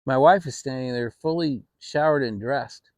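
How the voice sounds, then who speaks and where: A middle-aged man hosting his own channel, telling a family story in a relaxed, rambling way with frequent restarts. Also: medium pitch, normal speed, no echo. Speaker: channel host. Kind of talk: casual storytelling. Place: home, relaxed fireside setting.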